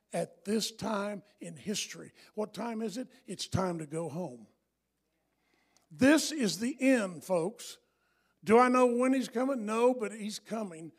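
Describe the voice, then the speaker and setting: Middle-aged pastor preaching, high voice, keeps repeating lines, goes quiet then loud. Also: male voice, gravelly, slightly rough. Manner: emphatic, repetitive, swings from hushed to loud. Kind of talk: sermon.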